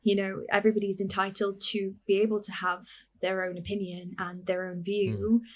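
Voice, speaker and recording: A woman's voice: mid-range voice, level tone, moderate pace. A young woman from England, a fitness coach, chatting as a podcast guest in an upbeat way and laughing easily. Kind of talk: casual interview chat.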